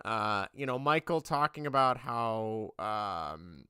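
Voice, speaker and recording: An enthusiastic male podcast co-host with a bright, crisp voice that is smooth and clean. He repeats himself and rushes ahead in quick bursts, recorded close and dry. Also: on the low side, no room sound. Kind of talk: casual chat.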